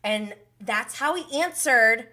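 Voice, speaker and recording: Bright-voiced young woman dishing gossip. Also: fairly high pitch, animated, slow pace. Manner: emotional and outspoken, swears freely. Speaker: reality TV recap host. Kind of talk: casual gossipy recap livestream.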